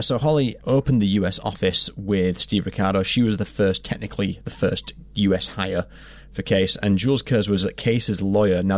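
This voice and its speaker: A man hosting and narrating a documentary podcast in a measured, conversational storytelling manner. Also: low-pitched, dry recording.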